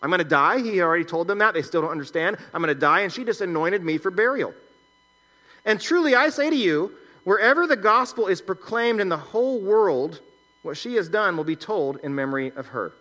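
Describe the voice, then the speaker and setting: A man's voice: high-pitched, animated, a little fast, sharp tone. A man preaching a sermon, reading scripture aloud and explaining it in a conversational teaching manner. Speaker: pastor.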